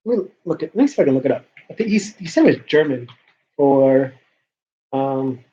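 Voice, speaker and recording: A man's voice: mid-range voice, lively intonation, fairly quick, mellow, husky, lo-fi sound. A man talking casually to camera in a rambling vlog monologue, often restarting and repeating words. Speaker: vlogger.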